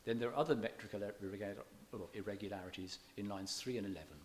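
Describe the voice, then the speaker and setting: A man giving a public lecture on poetry, measured and scholarly, slowing down to read verse aloud with stressed beats and sometimes restarting his words. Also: lowish voice, fairly even intonation, slight background noise. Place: church hall.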